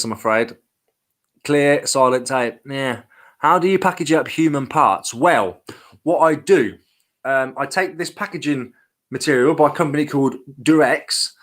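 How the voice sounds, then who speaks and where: A man's voice: mid-range voice, a bit bright. A British man hosting a casual livestream for his reselling business, joking and rambling as he answers questions from chat.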